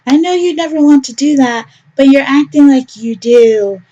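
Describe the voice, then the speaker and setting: A woman's voice: high-pitched, normal speed, mellow, lo-fi sound, voice pushed up, close to an everyday voice. A sickly sweet, smothering mother, voiced by a woman reading a game aloud who coos pet names in a voice lifted well above the reader's own. Her doting tone barely hides the control underneath. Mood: sweetly controlling. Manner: coaxing, calls him baby and pet names.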